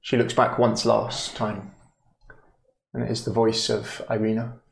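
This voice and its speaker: A man narrating a tabletop game as game master, slow and dramatic with sudden shouts. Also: lowish voice, monotone, vocal fry. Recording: roomy recording with faint noise.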